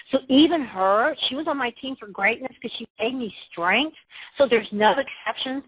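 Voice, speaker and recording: A woman's voice: on the high side, fairly bright tone, poor audio. A woman giving a motivational webinar talk over her computer, emphatic and upbeat, with exclamations. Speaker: webinar presenter.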